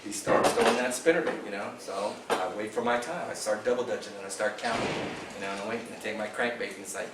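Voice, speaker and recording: A man casually telling a fishing tournament story to a club meeting, animated and laughing as he acts out the dialogue. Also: lowish voice, fast. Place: meeting room. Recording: echoey room from far off, background noise.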